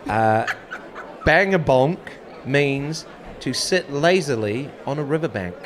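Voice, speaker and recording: A man's voice: medium pitch, lively intonation, takes it slowly. A man with a playful, teasing manner, hosting a casual word game. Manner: playful, teasing, quizzing the others. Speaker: podcast host running a word game. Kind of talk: casual chat.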